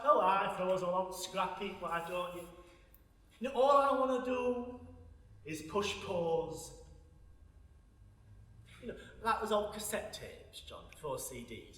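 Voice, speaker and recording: A man's voice: high voice, pushed and bright, a little hiss or hum, exaggerated voice. An actor playing a lonely, foul-mouthed old woman from Sheffield in a stage monologue, blunt and darkly wry, swearing freely. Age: older. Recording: echoey hall recorded from a distance.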